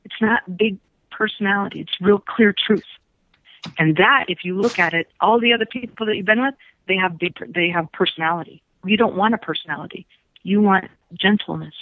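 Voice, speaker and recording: This medium-pitched woman speaks fairly quickly as a psychic guest phoning into a radio show, with no echo on the tinny line. Her reading is emphatic and repetitive, and laughter comes often.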